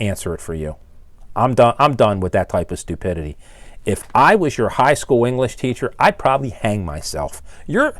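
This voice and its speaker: A blunt, exasperated older man scolds his audience in a fairly low voice. He rants straight to the camera, recorded close and dry. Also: darkish tone, dry recording. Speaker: engine builder and channel host. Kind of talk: ranting to camera.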